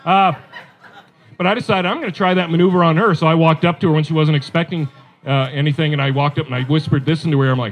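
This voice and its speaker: High-voiced chatty male stand-up comic. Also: fairly even intonation, fast. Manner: conversational, self-deprecating, chatty asides to the crowd. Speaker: stand-up comedian. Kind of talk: stand-up comedy set.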